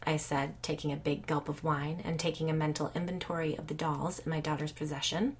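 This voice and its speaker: A woman narrates a first-person audiobook in a measured, even way. Her voice sits low and has a husky grain.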